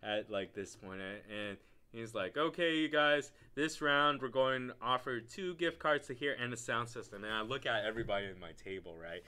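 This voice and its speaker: A young man co-hosting a podcast, telling a story in a casual, animated way, often breaking into loud laughing bursts and leaning on filler words. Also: medium pitch, normal speed, smooth. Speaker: podcast co-host.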